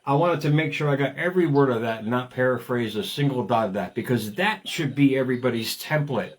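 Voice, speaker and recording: A man in his fifties hosting a motivational talk show, speaking energetically and digressing, often repeating words as he starts a thought. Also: mid-range voice. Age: 50s. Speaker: radio show host.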